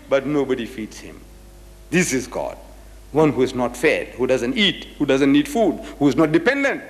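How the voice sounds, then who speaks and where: A man's voice: medium pitch, sing-song, moderate pace. A man from Africa, giving a religious public lecture in an emphatic, rhetorical way that drives each point home with repeated questions. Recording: reverberant lecture hall recording.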